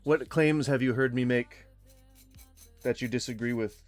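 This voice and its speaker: A man from Florida hosting a casual livestream, rambling with fillers and restarts, blunt and quick to swear. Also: mid-range voice, steady tone, no room sound. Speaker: livestream host. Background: faint music.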